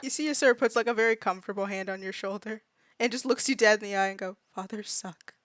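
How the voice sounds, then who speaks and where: A woman's voice: medium pitch, rapid-fire, a bit bright, a little hiss or hum. A woman narrating as game master of a tabletop game, laughing often and briefly acting out characters.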